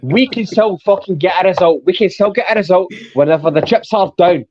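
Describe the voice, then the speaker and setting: A man's voice: high voice, a little fast, darkish tone, muffled recording. A Scottish man ranting in a casual football podcast, swearing constantly and waffling, a few drinks in. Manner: sweary, rambling rants. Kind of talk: casual post-match chat.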